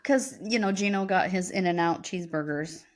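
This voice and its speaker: A woman's voice: on the low side, normal speed. A woman podcast co-host in casual chat, adding wry short comments.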